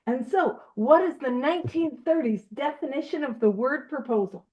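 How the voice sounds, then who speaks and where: A woman's voice: high-pitched, animated, normal speed, darkish tone, highs cut off. A woman co-hosting an online recovery book study, chatting in an upbeat, jokey way. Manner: upbeat, jokey, laughs often. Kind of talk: casual online meeting talk.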